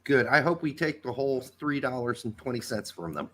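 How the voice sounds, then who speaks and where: Profane, lively man on a podcast. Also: medium pitch, brisk. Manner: profane, blunt, sardonic. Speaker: podcast co-host. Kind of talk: casual chat.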